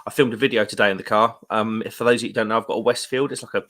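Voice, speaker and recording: A man with a British accent hosting a casual live stream, chatty and rambling, with quick laughs and slangy asides. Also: fairly low pitch, fairly even intonation, fairly bright tone. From United Kingdom. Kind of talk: casual live stream chat, reading viewer comments. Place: room at home.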